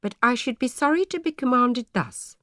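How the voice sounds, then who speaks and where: A woman voicing a gentle, devout pastor's wife who speaks earnestly and imploringly. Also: a little high, lively intonation, normal speed, no echo, clean studio sound, voice pushed up. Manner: earnest, imploring, soft-spoken.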